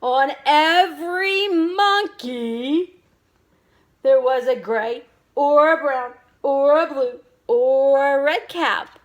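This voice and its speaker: A woman reading a storybook aloud to children as their teacher, expressive, with dramatic pauses and questions to her listeners. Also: high voice.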